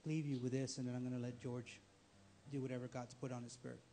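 A man's voice: mid-range voice, level tone, quick pace, dark tone, slight background noise. A man preaching a live church sermon, repeating phrases and building to emphatic calls. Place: church service.

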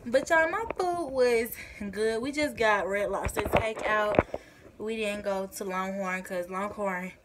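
A young woman vlogs casually to her phone in a mid-range voice, a little slow, with heavy background noise. She's chatty and a bit out of breath, talking to camera and calling her viewers "y'all."

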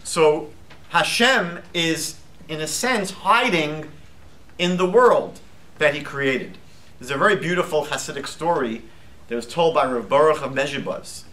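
A man teaching a live class as a rabbi, lively and chatty, posing questions to the group. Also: fairly high pitch, a little slow. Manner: lively, asks the class questions, jokes lightly.

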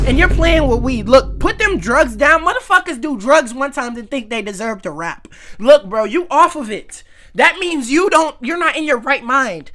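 A man's voice: very high-pitched, bright, forceful tone. A man hosting a reaction video, giving blunt, mocking commentary in heavy slang.

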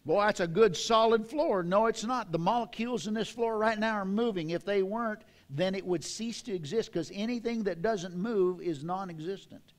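An older man preaching a sermon in a church, reading scripture with slow, dramatic emphasis. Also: sits high. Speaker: pastor. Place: church sanctuary.

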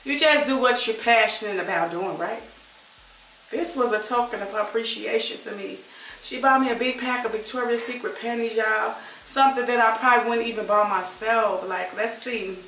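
Slightly high and sharp-toned at a moderate pace, this fifties-aged Chicago-accented vlogger talks casually and warmly to camera, addressing viewers as y'all. The mic is distant, so her voice sounds off-mic in an echoey room, with a little hiss or hum.

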